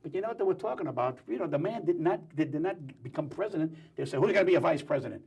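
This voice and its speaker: A man talking as a guest on a talk show, telling jokes and opinions in a rapid, wisecracking way. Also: fairly high pitch, lively intonation, a little mellow, breathy edge. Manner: rapid, joking, wisecracking storyteller. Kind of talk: animated talk show banter.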